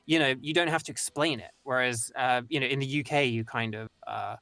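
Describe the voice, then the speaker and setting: Young Northern English guy, casual interview guest, rambly and full of restarts, mid-pitch, dry close sound. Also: brisk, vocal fry, bright, forceful tone, no room sound. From England. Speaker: voice actor guest. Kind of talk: casual conversation.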